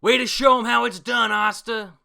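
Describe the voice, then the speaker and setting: A man's voice: a little high, moderate pace, bright, forceful tone, voice pushed up. A man voicing a fierce, battle-hardened captain who rallies his comrade, speaking his lines as raised, urgent calls.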